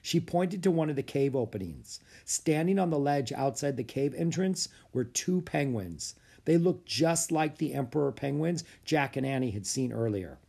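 A man narrating a children's book aloud with expressive storytelling. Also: medium pitch, normal speed, vocal fry, hardly any pauses, breathy edge. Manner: expressive, story-telling delivery. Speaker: audiobook narrator.

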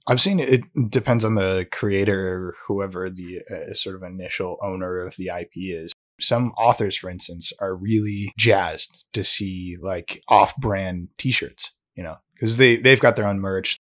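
A man co-hosts a casual podcast, rambling and animated. His voice is very deep and the sound is dry and close. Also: normal speed, dry recording. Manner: rambling, animated, laughs often. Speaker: podcast co-host.

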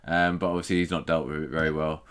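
A man with a very low voice chats through a film review, swearing freely and wandering from point to point. His talk is casual and loose, and he laughs often. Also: little pitch movement, fast, fairly bright tone, smooth. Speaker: podcast co-host.

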